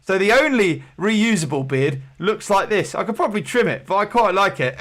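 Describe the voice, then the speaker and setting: Male quiz host, slightly high-pitched, playful showman patter, rambling and comic. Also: animated, normal speed, hardly any pauses, a bit bright.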